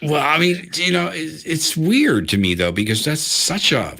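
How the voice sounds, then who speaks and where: A man co-hosting a loose, profane chat. His pitch moves all over the place as he reacts, laughs and riffs with the others. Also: normal speed, creaky. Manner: lively, swears casually, laughs. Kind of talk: casual comedic chat.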